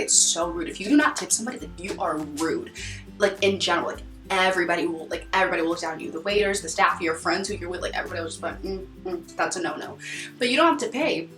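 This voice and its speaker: A woman's voice: mid-range voice, fairly bright tone. A young American woman chatting casually to her camera in a bubbly, rambling way full of "like". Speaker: vlogger. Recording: echoey room heard from a distance.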